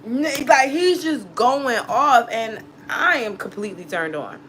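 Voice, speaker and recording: A woman's voice: fairly high pitch, lively intonation, a little slow, a bit bright, slight background noise. A woman who reads tarot, telling a personal story casually in a blunt, profane way, laughing often. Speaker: tarot reader.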